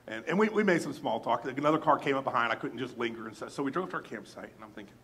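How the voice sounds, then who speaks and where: Speaking at a racing pace in a mid-range voice, this pastor recounts something from his own life mid-sermon. He's animated and conversational, addressing the congregation head-on and performing the quoted dialogue.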